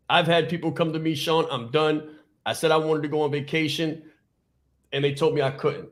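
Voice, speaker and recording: A man hosting a podcast, giving a fast, emphatic motivational talk, repeating his points and stumbling over words without stopping. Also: fairly high pitch, fairly even intonation. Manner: fast, repetitive, emphatic preaching. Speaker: podcast host and business coach. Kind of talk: motivational speech.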